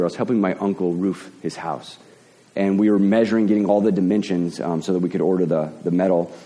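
A man preaching a sermon as pastor, talking in a halting way and often repeating words as he builds a point. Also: lowish voice, dark tone, in a large hall.

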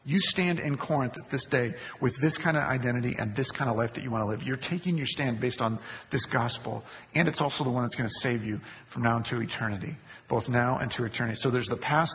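A man's voice: medium pitch, a little fast, a bit bright. A male pastor preaching a sermon, repeating key phrases for emphasis. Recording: long hall reverb.

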